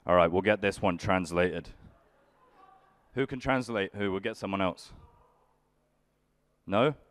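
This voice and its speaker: A young man with a low voice and a fairly bright tone performs live stand-up at a measured pace. He works the crowd, bantering with the audience in a grumpy, dry way.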